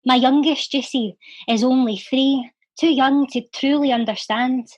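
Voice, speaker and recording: A woman's voice: sits high, fairly even intonation, unhurried, no echo. A young woman with a Glaswegian accent, chatting casually and reciting her poetry with a rhythmic lilt. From Scotland. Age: young adult. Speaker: poet and charity volunteer. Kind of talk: casual chat and poetry reading.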